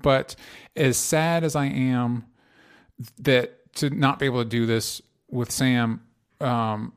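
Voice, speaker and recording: A young man hosts a podcast in casual chat, earnest and a bit halting, full of fillers and restarts. His voice sits at an ordinary middle pitch. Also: clean tone. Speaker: podcast host.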